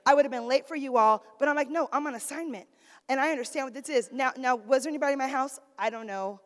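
High-voiced woman preaching in a reverberant church. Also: fast. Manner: swings from shouted exhortation to quiet storytelling. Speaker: preacher, pastor's wife. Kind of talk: sermon with personal story. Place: church sanctuary. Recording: long reverb of a church hall.

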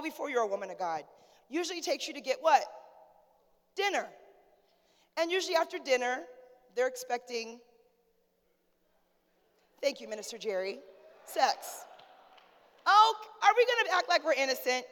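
A pastor in her forties preaches from the pulpit of a church sanctuary in a high, lively voice, exchanging call-outs with her congregation. Her sermon feels relaxed and story-like, and the church hall's long reverb carries through the sound.

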